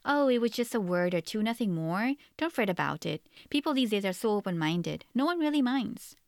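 A woman voicing a chatty, fussy mother who brushes off worries in a brisk manner. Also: mid-range voice, lively intonation, no room sound, clean studio sound, lightly acted. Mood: calling out.

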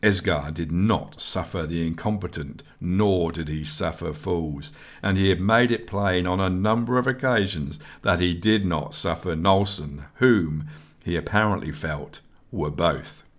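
A man giving scripted audiobook narration in a steady storytelling manner. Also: low voice, measured pace.

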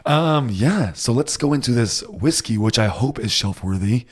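A man's voice: medium pitch, expressive, normal speed. A man from Rhode Island co-hosting a podcast, chatting casually and laughing often. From Rhode Island, United States. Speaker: podcast co-host. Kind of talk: casual chat.

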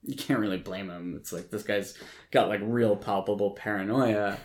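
Rambling, low-voiced podcast man. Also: moderate pace. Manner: rambling, many likes and ums, occasional swearing. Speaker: podcast host. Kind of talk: casual film recap.

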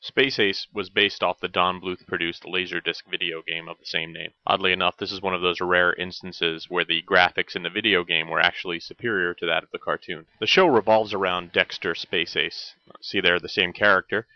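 A man's voice: deep voice, steady tone, a little fast, hardly any pauses, dry recording, lo-fi sound. A man narrating a scripted retro cartoon review as host, with dry joking asides.

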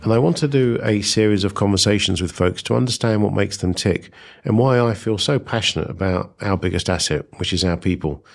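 A man's voice: lowish voice, a little fast, vocal fry, few pauses. A man with a North London English accent, hosting a casual interview podcast and cracking dry jokes. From Essex, England. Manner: jokey and warm toward guests, dry quips. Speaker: podcast host.

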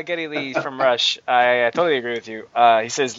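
A man's voice: mid-range voice, normal speed, few pauses, fairly bright tone. A man from Canada co-hosting a podcast, joking and swearing a lot, laughing often in casual chat. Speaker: podcast co-host. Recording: dull, dry close mic.

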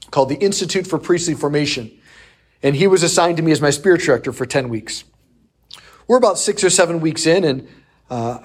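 A husky-voiced male priest preaching to a group. He tells a personal story in a lively way, acting out the voices of the people in it, in a mid-pitched voice. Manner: animated storyteller who acts out quoted voices. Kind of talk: sermon storytelling.

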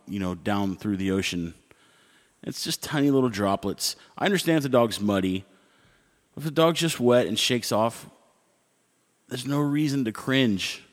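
A middle-aged man telling everyday stories in a wry, rambling, conversational way, with animated asides. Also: lowish voice, big-room sound. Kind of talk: casual storytelling.

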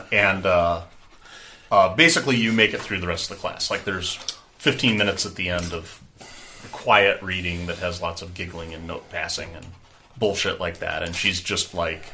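A man's voice: low voice, sharp tone, a little hiss or hum. A man narrating a tabletop game as game master, rambling and conversational, with many fillers.

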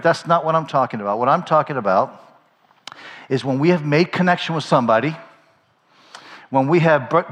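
A man's voice: a little high, a bit bright. A man preaching a sermon as pastor, in a conversational style, often checking in with "right?". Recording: long hall reverb.

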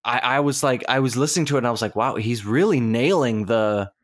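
A man hosting a casual movie rating game with friends, announcing scores in a measured way. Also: medium pitch. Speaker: game host.

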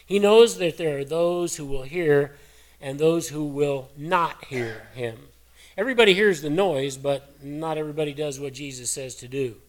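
Hoarse folksy preacher, higher-pitched man. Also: normal speed. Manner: folksy storytelling preacher, earnest and conversational. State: hoarse, voice cracking. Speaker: pastor. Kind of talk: sermon.

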